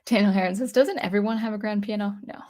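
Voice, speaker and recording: A woman's voice: medium pitch, steady tone, fairly quick, dark tone. A young adult woman hosting a casual livestream, reading chat comments aloud in a chatty, hesitant way with many fillers and restarts. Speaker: livestream host.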